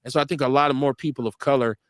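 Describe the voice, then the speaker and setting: A man in his forties hosting an internet radio show, telling stories in a casual, animated way, acting out what people said and swearing freely. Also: mid-range voice, very fast, dry recording, clean studio sound.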